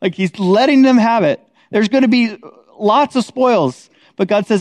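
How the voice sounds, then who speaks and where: A man with a somewhat high voice gives a relaxed Bible teaching, speaking conversationally and checking in with his listeners as he goes. The sound is dry, with no room echo. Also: normal speed. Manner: conversational, many "like" and "right?" tags.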